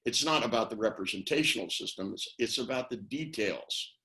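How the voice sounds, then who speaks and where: A man's voice: mid-range voice, animated, normal speed, bright, forceful tone. An older man on a video call, talking casually and rambling through anecdotes, acting out the phrases he quotes. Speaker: interviewee, NLP trainer. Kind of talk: casual webinar talk.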